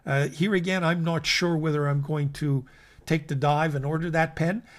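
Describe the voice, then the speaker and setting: A man hosting a weekly pen roundup, his voice sitting a little higher than most men's. He rambles casually, stumbling over restarts and filling pauses with ums and uhs, and he talks straight to the viewers as folks. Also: steady tone. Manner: rambling, many fillers and restarts. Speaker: fountain pen channel host.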